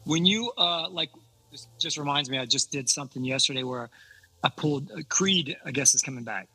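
Bright, husky-voiced male comedian host. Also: a little high, brisk, poor audio. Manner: laughs often, eager interviewer. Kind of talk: casual podcast chat.

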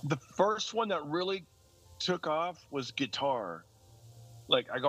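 A stand-up comedian in his forties chats casually and animatedly on a podcast at normal speed, breaking into high-pitched joke voices as he tells stories. The recording quality is low.

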